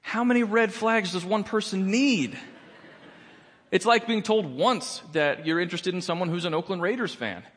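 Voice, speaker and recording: A man's voice: sits high, moderate pace, a bit bright, big-room sound. A man performing a stand-up comedy set in a church, with a wry, playful delivery. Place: church auditorium.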